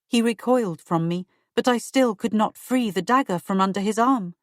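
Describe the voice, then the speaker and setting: A woman reading a first-person audiobook in slow, measured storytelling narration. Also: mid-range voice, no room sound, studio quality.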